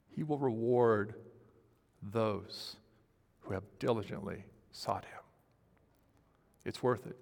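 A man preaching a sermon as a pastor, with a dramatic delivery that swings from loud pleading to hushed near-whispers. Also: lowish voice. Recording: reverberant hall.

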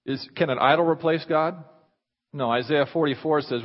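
A man preaches, his slightly raised voice swelling with fervor and then sinking to hushed, near-whispered lines. The sound is muffled and carries a long reverb from a church sanctuary. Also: fairly high pitch, animated, moderate pace. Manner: impassioned, rising loud then dropping to near whispers. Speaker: pastor. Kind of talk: sermon. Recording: muffled reverberant hall recording.

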